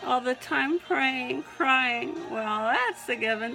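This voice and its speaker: A woman with a Southern accent reads her own prayerful poem slowly, in a high voice with a gravelly edge. She keeps breaking off to sneeze and laugh and sounds close to tears. Soft music plays faintly behind her. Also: poor audio. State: teary, on the edge of crying. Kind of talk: prayerful spoken-word poetry reading.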